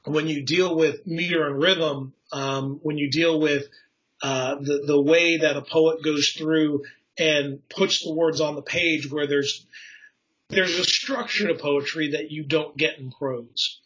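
A man's voice: a little high, steady tone, takes it slowly, a bit bright. Rambling man talking poetry, lo-fi sound. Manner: rambling, with restarts, fillers and tangents, chuckles at himself. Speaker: poetry enthusiast explaining craft. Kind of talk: casual conversational explanation.

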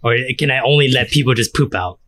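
A man's voice: medium pitch, fast talker, fairly bright tone. Crude, rambling male podcast co-host. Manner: rambling, crude, lots of fillers. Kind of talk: casual chat.

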